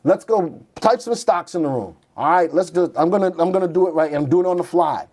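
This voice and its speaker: A man's voice: high-pitched, a little fast, a little mellow. A man hosting a stock market show, chatty and thinking aloud as he types in tickers and reads charts live.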